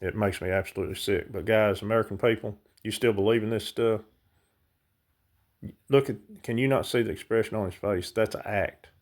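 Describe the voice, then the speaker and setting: A man with a fairly low voice pours out an impassioned rant. He talks straight to his audience, heated and insistent. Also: brisk. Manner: heated, ranting, speaks directly to viewers. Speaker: vlogger. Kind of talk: impassioned monologue to camera.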